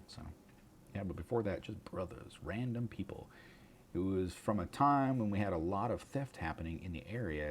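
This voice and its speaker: Man, very low voice, lively ups and downs, laid-back swearing stream chat. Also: a little hiss or hum. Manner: rambling, swearing, chuckling, mutters asides. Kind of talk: casual livestream chat.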